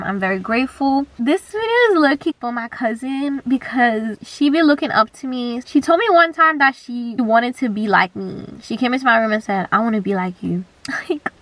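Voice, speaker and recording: A woman's voice: fairly high pitch, a bit bright, no echo, recorded from a distance. A woman in her twenties chatting casually to camera in a storytime vlog, rambling and drifting off on tangents. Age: 20s. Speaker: vlogger.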